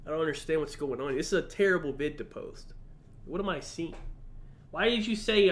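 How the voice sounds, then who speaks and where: A man's voice: on the high side, brisk. Blunt, cursing male streamer. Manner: blunt, profane, incredulous. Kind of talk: casual stream commentary.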